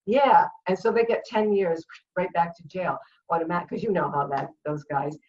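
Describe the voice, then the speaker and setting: Appearing as a guest on a video chat show, this former cheerleader turned comedian is a middle-aged woman who speaks with a Rhode Island accent. She talks at a moderate pace in a lowish voice, captured on a distant mic that makes everything sound muffled. Her storytelling is lively, full of laughter and acted-out quotes.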